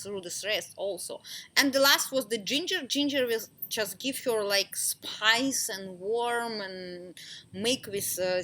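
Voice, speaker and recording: A woman teaching a small group about essential oils in an informal talk, laughing often and speaking lively, simple broken English. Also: a little high.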